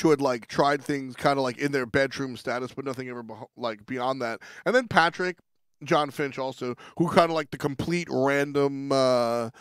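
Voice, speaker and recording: Casual stream host: a man with a gravelly, resonant voice, rambling and chatty, on a dry close mic. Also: mid-range voice, dry recording. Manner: rambling, restarts often, laughs between thoughts. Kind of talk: casual livestream chat.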